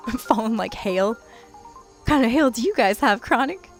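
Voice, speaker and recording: A woman's voice: on the high side, measured pace, long pauses, faint music behind. A young adult woman streaming a video game late at night, chatting and giggling with her viewers as she plays. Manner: chatty and giggly, talking to chat while playing. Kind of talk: casual late-night gaming livestream chat.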